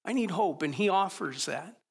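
Male pastor with a gravelly, slightly raised voice, preaching in an informal style full of rhetorical questions. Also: high voice, lively intonation, moderate pace. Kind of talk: sermon.

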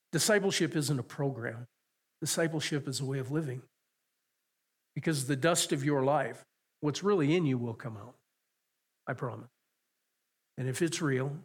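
Man, pastor, sermon, earnest, repeats himself, drawn-out key words, slightly high pitch.

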